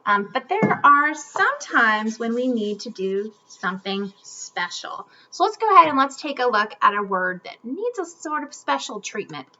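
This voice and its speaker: A woman teaching a children's phonics lesson, speaking upbeat and clearly enunciated, in a slightly muffled home video recording. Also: on the high side, very animated, normal speed, hardly any pauses, pushed and bright, a little hiss or hum.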